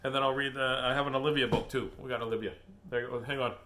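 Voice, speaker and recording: Bright chatty man, laughs a lot, wanders off topic reading kid books. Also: medium pitch, steady tone, rapid-fire, slight background noise. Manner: laughing, chatty, easily sidetracked. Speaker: host reading children's books aloud. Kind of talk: casual rambling chat.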